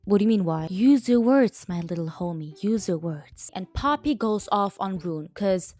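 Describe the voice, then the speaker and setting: A woman's voice: on the low side, animated, moderate pace, darkish tone. Woman, sarcastic book roast, exasperated, swearing, faint music behind. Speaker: book reviewer.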